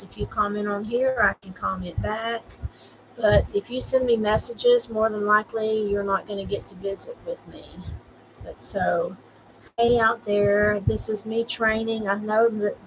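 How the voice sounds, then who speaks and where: A woman's voice: on the high side, fairly even intonation, moderate pace, fairly bright tone. A middle-aged woman from Florida, earnestly talking about grief and encouraging viewers on a casual livestream. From Florida, USA. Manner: earnest, rambling, preachy encouragement. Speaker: vlogger sharing grief. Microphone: borrowed camera, livestream. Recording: slightly dull livestream audio with faint noise.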